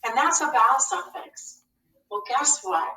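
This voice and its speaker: A woman teaching young children a phonics lesson, patiently asking each question and then giving the answer. Her voice is bright and clear, and she speaks slowly. She sounds a little distant from the mic in an echoey room. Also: high-pitched, expressive, slight background noise. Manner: slow, patient, asks questions and answers them.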